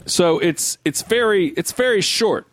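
A man's voice: sits high, lively intonation, a little slow, slight background noise. A young adult man co-hosting a podcast, breaking down a song in casual chat and talking in loose restarts and hedges. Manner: rambling, full of restarts and hedges. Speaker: podcast co-host. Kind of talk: casual music-analysis chat.

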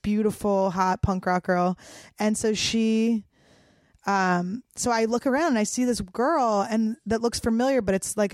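A woman's voice: mid-range voice, darkish tone, dry recording, studio quality. A woman from Philadelphia, a comedian, telling a wild story in a casual, profane way. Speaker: comedian guest.

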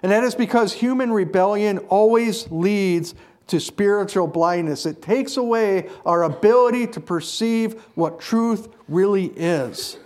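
A man delivers a sermon in a fairly high voice. He preaches earnestly and leans hard on repeated phrases to drive each point home. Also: unhurried, a little mellow.

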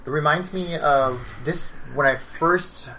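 A man talking quietly and easily as a guest on a casual podcast. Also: fairly high pitch, takes it slowly, slight background noise, low-quality recording. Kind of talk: casual chat.

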